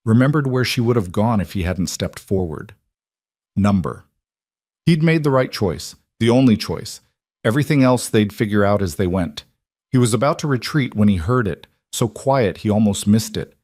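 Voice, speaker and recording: A man narrating a story in a calm, measured storytelling manner. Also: fairly low pitch, no echo, clean studio sound. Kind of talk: scripted audiobook narration.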